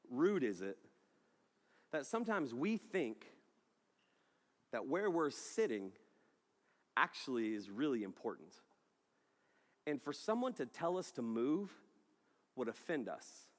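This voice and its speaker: A man preaching a sermon to a live audience, telling a funny story in an animated way, laughing and shouting as he acts out the scene. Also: mid-range voice. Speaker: youth pastor. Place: large hall. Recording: echoey hall with long reverb.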